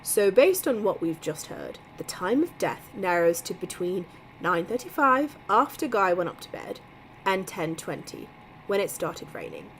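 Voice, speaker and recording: A woman voicing a measured, analytical man who reasons through a timeline. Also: mid-range voice, big pitch swings, a bit bright, slight background noise, low-quality recording.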